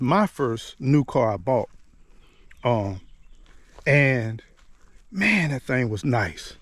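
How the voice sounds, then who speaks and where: A man's voice: fairly high pitch, dry recording. Middle-aged man telling his story. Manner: conversational, drops in "man" and "you know what I'm saying" often; repeats and restarts words as he recalls. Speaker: motivational vlogger. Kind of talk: personal storytelling.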